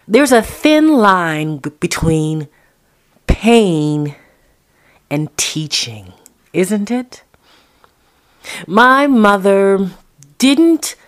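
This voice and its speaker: A woman from Toronto narrating her own life story in a reflective way, with long pauses. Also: on the low side. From Toronto, Canada. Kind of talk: personal storytelling.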